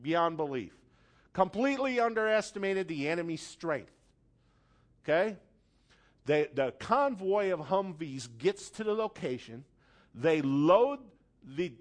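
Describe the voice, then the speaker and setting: A man preaches a sermon with a dramatic story, moving from hushed, quiet lines up to loud, forceful appeals. His voice leans toward the high side.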